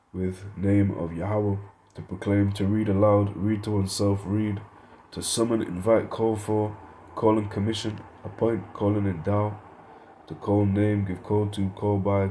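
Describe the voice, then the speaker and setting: A man's voice: lowish voice, mellow, a little hiss or hum. A man giving an informal Bible study lesson, reading verses and word definitions aloud, thinking aloud and correcting himself as he goes. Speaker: Bible teacher.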